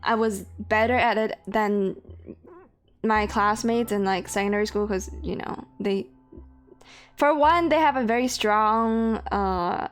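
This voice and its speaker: A young woman from Hong Kong streaming a game live. She reads the on-screen story text aloud and chats between passages, with lots of fillers and self-corrections. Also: medium pitch. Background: faint game music and keyboard typing.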